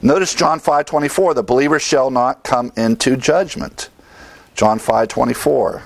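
A man's voice: medium pitch, moderate pace, vocal fry, poor audio. Emphatic male Bible teacher. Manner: emphatic, asks the listeners questions and answers them.

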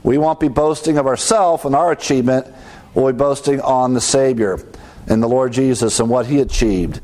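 A man delivers a teaching sermon in a voice of ordinary pitch. He works through scripture point by point, asks his listeners questions and answers them himself. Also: moderate pace, a little mellow, rough recording. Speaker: preacher.

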